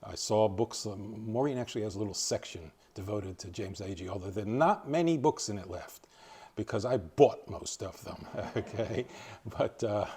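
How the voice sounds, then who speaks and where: A man's voice: lowish voice, moderate pace, a little mellow, breathy edge. An older man from East Tennessee giving an informal library talk, rambling and hesitant with many fillers and restarts. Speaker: library lecturer.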